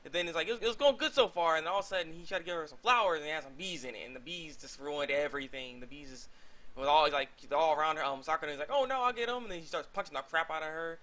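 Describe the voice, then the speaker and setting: A young man rambles through a cartoon episode recap at high speed, stumbling over restarts and fillers. His voice is bright and forceful and sits a little high. He sounds like a casual video reviewer chatting to his viewers. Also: racing. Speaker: anime reviewer.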